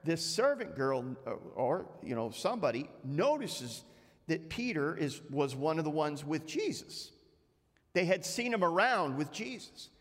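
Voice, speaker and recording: A man's voice: on the high side, big pitch swings, measured pace, a bit bright. Man preaching in a reverberant church. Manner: retells scripture conversationally with frequent restarts. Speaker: pastor. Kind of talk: sermon. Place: church sanctuary. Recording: long church hall reverb.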